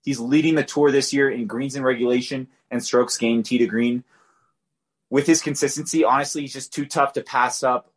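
A man with a mid-range voice and fairly even intonation talks at a moderate pace. Co-hosting a podcast, he offers golf betting picks conversationally, loose and full of fillers, often correcting himself.

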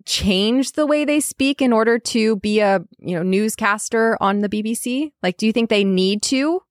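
A woman's voice: a little high, moderate pace, no room sound, studio quality. Bubbly American woman, chatty guest. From United States. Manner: bubbly, laughs often, lots of "like" and "you know". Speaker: podcast guest, English teacher. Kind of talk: casual chat.

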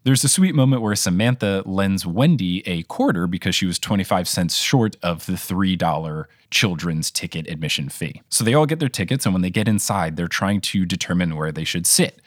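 A man hosting a casual podcast, retelling a children's mystery book with lively delivery and frequent laughter. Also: low-pitched, normal speed, few pauses, dry recording, studio quality. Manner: animated, laughs while retelling. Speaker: podcast host. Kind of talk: casual storytelling recap.

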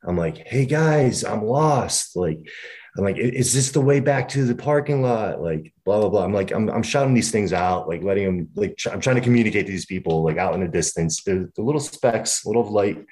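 A deep-voiced man recounting a story on a podcast in a casual way. He keeps tripping over his words, repeating and restarting as he goes. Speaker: podcast guest.

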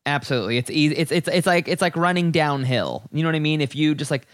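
A man's voice: on the high side, expressive, quick pace, no room sound, studio quality. A man from the American South hosting a podcast in campy, rambling casual chat. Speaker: podcast host.

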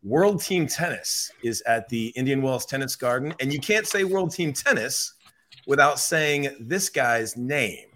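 A man's voice: mid-range voice, lively intonation, unhurried, a bit bright. A young man hosting a comedic sports podcast over a remote call, teasing his guests. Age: young adult. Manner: joking, teasing. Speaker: podcast host.

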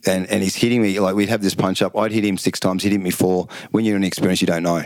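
A middle-aged man, casually telling lively stories as a podcast guest and acting out the quotes. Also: deep voice, quick pace, dry recording. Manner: animated storyteller, acts out quotes, laughs often. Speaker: guest, former kickboxing champion. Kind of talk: casual storytelling chat.

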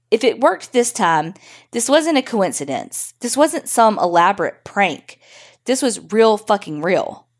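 A woman podcast host reading a listener's story aloud in a wry, profane, conversational way. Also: medium pitch.

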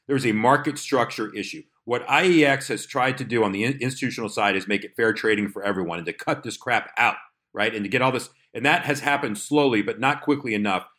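A male trader co-hosting a podcast, speaking very quickly. He tells market stories in an animated, casual way. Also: medium pitch. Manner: fast, animated storytelling with quoted asides.

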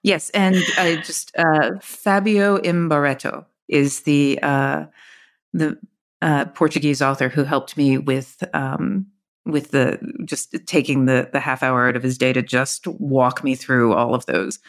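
A woman with a notably low voice chats as a guest author on a podcast. She talks loosely, with plenty of fillers and restarts, and stays casual. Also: fairly even intonation, unhurried. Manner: chatty, many fillers and restarts.

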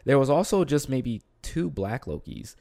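A man co-hosting a casual chat, animated, laughing often and trailing off into fillers. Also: mid-range voice, moderate pace, gravelly, no echo, clean studio sound. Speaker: co-host.

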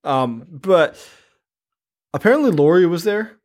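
Casting: man, wry and swearing co-host, slightly higher voice with lively pitch swings. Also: a little slow. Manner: sarcastic, profane, laughing. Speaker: podcast co-host. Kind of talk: casual horror movie chat.

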